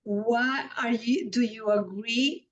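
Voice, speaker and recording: A woman hosting an interview, asking her guest questions in a deliberate way. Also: fairly high pitch, fairly even intonation, dull audio. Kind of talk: conversational interview.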